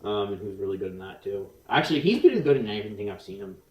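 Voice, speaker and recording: A young man co-hosting a casual podcast chat, rambling and restarting his sentences, speeding up and slowing down. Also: fairly low pitch, lively intonation, a little mellow. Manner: rambling, restarts often, quick bursts then slow. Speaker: podcast co-host. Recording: roomy echo.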